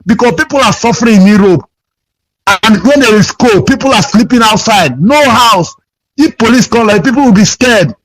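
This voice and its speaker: A man's voice: high voice, animated, normal speed. A Nigerian man calling in to a radio show, complaining in an aggrieved, repetitive, pleading way over a phone line. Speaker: caller.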